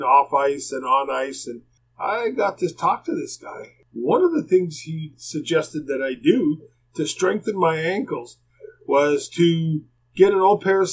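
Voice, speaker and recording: Older guy, kinda high voice, just rambling through old hockey stories. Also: low-quality recording. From Canada. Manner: rambling, anecdotal, plainspoken. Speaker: guest, former hockey player. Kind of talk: casual storytelling.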